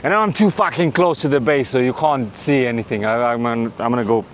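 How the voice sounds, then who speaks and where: A man from Romania talks into a handheld camera as he walks city streets, rambling and cracking jokes with casual swearing. His pitch sits in a middle range, and faint traffic hums behind him. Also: a little fast. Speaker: travel vlogger. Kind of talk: casual walking vlog commentary.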